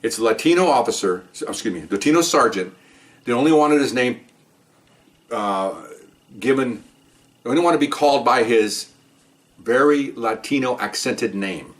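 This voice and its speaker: A middle-aged man, a former police officer, telling his own stories in an animated monologue with sarcastic asides. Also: mid-range voice, normal speed, long pauses. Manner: animated, sarcastic asides, mimics people he quotes. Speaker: retired police officer, podcast host. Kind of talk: storytelling monologue.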